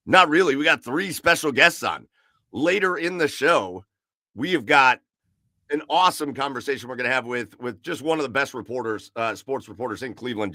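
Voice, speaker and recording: A man's voice: medium pitch, pushed and bright, no room sound, clean studio sound. A man hosting a casual sports talk show, chatty and rambling, with frequent fillers and repeated words. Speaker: podcast host.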